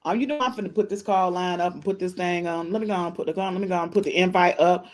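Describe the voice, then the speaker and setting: A woman's voice: fairly low pitch, fast. A woman hosting a casual live-stream podcast, talking playfully to her chat and calling out meows. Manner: animated, playful, says meow to the chat; African American Vernacular English speech patterns. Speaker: podcast host.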